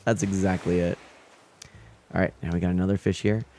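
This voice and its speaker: A man streaming a fishing game, chatting with viewers and reading out their messages with quick laughs. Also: low-pitched, a little hiss or hum. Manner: chatty, reads out chat and greets viewers, nervous excited laughs. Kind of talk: live gameplay commentary.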